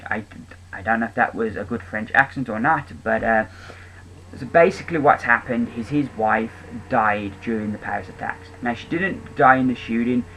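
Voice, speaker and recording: Man, comic book reviewer, casual chat, enthusiastic, lots of ums and restarts, mid-pitched voice. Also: creaky, sharp tone, a little hiss or hum, rough recording. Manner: rambling, with many ums and restarts.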